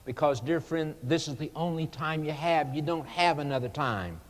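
A man preaching an evangelistic sermon, earnest and pleading, with dramatic pauses. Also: fairly high pitch. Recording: long hall reverb.

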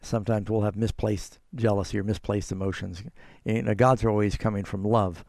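A man's voice: on the low side, steady tone, fairly quick, darkish tone, dry recording, studio quality. A man hosting a call-in Bible answer show as the pastor, earnestly explaining scripture at length to callers. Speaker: radio pastor and host.

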